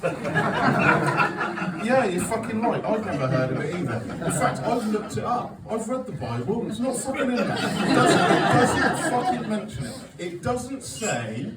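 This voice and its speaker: A man's voice: sits high, very animated, unhurried, a loud crowd, heavy background noise. A man in his forties doing a stand-up comedy set, telling sweary, self-mocking stories with an audience laughing along. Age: 40s. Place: comedy club stage. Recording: echoey venue, taped from a distance.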